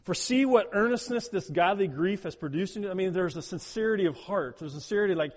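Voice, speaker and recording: A man preaching a sermon as pastor, talking with emphasis, repeating words, and moving between loud urging and quiet prayerful tones. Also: high voice, animated, quick pace, few pauses, in a large hall.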